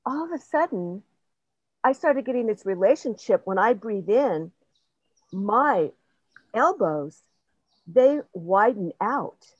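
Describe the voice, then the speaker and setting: A woman's voice: medium pitch, animated, slow pace, long pauses, dry recording. Older woman, earnest rambling sharer, muffled lo-fi sound, dry close audio. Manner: rambling, earnest, self-laughing. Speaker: participant sharing in a group session. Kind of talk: personal sharing, casual talk.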